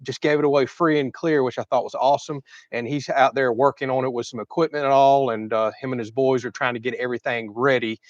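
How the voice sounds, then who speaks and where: A man from Florida, slightly hoarse, hosting a casual livestream chat from outdoors in a chatty, folksy, rambling way. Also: mid-range voice, fairly even intonation, fast, few pauses, no echo, lo-fi sound. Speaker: livestream host. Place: outdoors at a home cooking spot.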